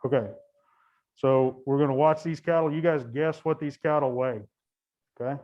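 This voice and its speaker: A man's voice: medium pitch, steady tone, moderate pace. Chatty man, dull lo-fi sound. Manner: chatty, self-interrupting, laughs often. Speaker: guide. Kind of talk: casual commentary.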